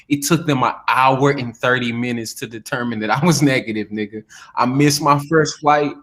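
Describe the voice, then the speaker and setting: A man's voice: mid-range voice, fairly bright tone. Young guy cohost, rambling and cussing through a story, chill. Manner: loose, profane storytelling with laughs. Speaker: podcast co-host and rapper. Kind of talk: casual chat.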